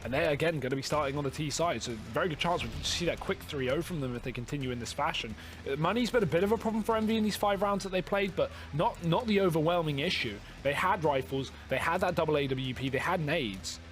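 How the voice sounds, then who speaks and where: A man calls a competitive video game match in quick play-by-play, with a slightly high voice that climbs as the action heats up. Between rounds he trades jokes with his partner. Faint music plays under the commentary. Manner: jokey banter, rising excitement on big plays. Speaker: esports caster.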